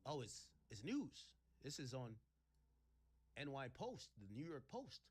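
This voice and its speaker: A man hosting a livestream, ranting sarcastically in casual chat and breaking into shouts. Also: mid-range voice, big pitch swings, a little slow, slightly rough. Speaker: livestream host.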